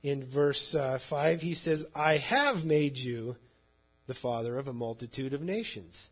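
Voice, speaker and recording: A man's voice: medium pitch, animated, a little slow, breathy edge, lo-fi sound. A man preaching a sermon, reading scripture and retelling it in plain conversational words. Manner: conversational, paraphrases scripture in everyday speech. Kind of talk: sermon, Bible teaching.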